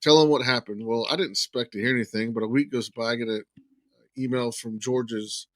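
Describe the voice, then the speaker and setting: A man's voice: mid-range voice, a little fast, no echo. A man telling a long personal anecdote in casual conversation, acting out the lines of people in the story. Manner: animated anecdote teller, acts out quoted lines. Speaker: podcast guest.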